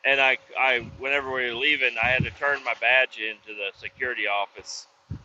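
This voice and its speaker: In a casual vlog, a man who works roadside service drifts loosely between profane, rambling stories. His voice is medium-pitched, steady, fairly quick, pushed and bright, with slight background noise. The sound is dull lo-fi with faint ambience behind it.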